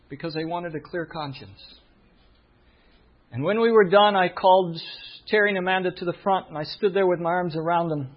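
A man's voice: high voice, normal speed, long pauses. A man preaching a sermon as a pastor, telling a story and acting out the voices of the people in it. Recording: muffled lo-fi recording.

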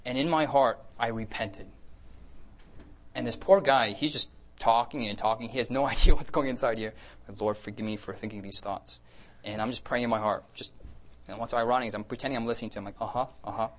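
A male pastor giving a conversational sermon, acting out little dialogues and dropping to a soft, quiet voice at times. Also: medium pitch, fairly quick. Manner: conversational, acts out dialogue, drops to near-whispers.

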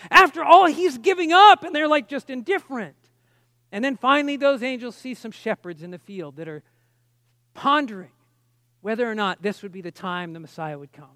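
A man's voice: high voice, lively intonation, fairly quick, sharp tone, no room sound, clean studio sound. A man preaching a personal testimony sermon, telling the story with strong emotion and frequent restarts.

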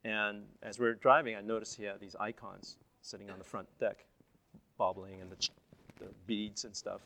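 A man with a fairly low voice talks through his slides at a seminar. He tells his stories in a relaxed, chatty way and often restarts his sentences. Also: normal speed, gravelly. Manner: conversational, chatty, frequent restarts. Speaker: seminar presenter. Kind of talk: casual slide presentation storytelling.

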